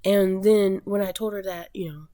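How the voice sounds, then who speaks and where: A woman's voice: medium pitch, fairly even intonation, normal speed, mellow, no echo. An American woman ranting bluntly and emphatically in a vlog, with frequent swearing. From United States. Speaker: vlogger. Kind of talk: rant.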